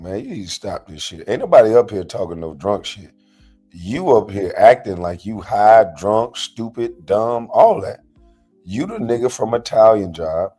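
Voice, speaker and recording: A man's voice: fairly low pitch, dark tone, slightly rough. A man ranting in a confrontational, profane reaction vlog, mocking and calling someone out. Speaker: commentator reacting to a panel clip. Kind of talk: heated reaction vlog rant.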